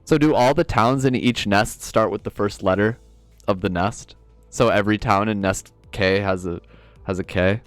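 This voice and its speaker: A man's voice: fairly low pitch, normal speed, no echo, faint music behind. A man streaming a video game, chatting casually and reading the on-screen dialogue aloud.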